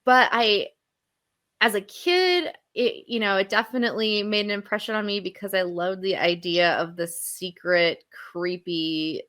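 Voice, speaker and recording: A chatty woman co-hosts a podcast about old television horror movies. Her pitch sits in a middle range, and she talks loosely, piling up fillers and restarting her sentences. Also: a little slow, fairly bright tone. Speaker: podcast co-host. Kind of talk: casual chat.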